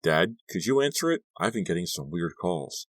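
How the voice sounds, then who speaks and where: A man's voice: sits low, sing-song, normal speed, no echo, clean studio sound. A man doing a shaken, weary teenage boy. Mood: uneasy.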